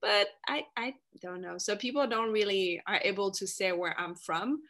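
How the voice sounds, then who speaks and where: A woman from France with a slight French accent, a guest chatting casually and telling stories in a lively way. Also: mid-range voice, normal speed. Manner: lively, animated storyteller, many fillers. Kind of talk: casual chat.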